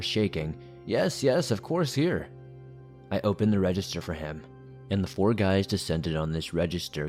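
A man with a very low voice reads a horror story aloud as the show's narrator. His delivery is steady and measured, and soft music plays faintly under his words.

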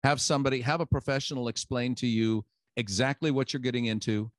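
A man's voice: medium pitch, fast talker, dry recording. A middle-aged man, telling a story in casual chat and acting out the voices of people he quotes. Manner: animated, acts out quotes with laughs. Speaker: guest.

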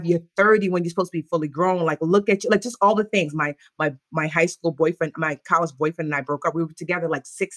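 A woman in her thirties speaks in a lowish voice as an interview guest, recalling her past openly. She talks animatedly and jumps up in pitch when she quotes other people. The sound is dry and close. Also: a bit bright, no echo. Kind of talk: candid interview storytelling.

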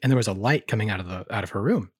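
A woman co-hosting a podcast in casual chat, joking and telling animated stories. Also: a bass voice, very fast, slightly rough, no echo, clean studio sound. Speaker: podcast co-host.

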